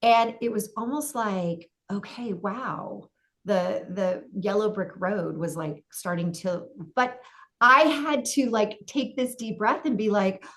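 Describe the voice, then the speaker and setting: A woman's voice: mid-range voice, takes it slowly, a bit bright. A middle-aged woman, a coach and podcast guest, telling a personal story vividly and acting out her own inner voice.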